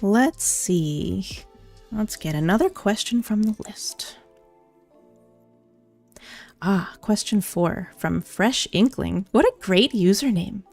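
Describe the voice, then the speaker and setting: A woman's voice: medium pitch, lively intonation, slow pace, gravelly, pauses often, a little mellow, faint music behind. A young woman VTuber casually answering viewer questions on a livestream, bubbly and giggly, on a studio condenser mic. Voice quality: giggly, bubbly, self-deprecating. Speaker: VTuber streamer.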